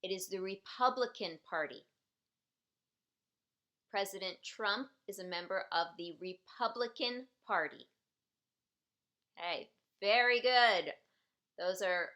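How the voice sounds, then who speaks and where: A woman's voice: on the high side, sharp tone. A woman teaching a citizenship preparation class, patiently repeating each question and sentence so learners can follow. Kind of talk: slow, clearly enunciated teaching.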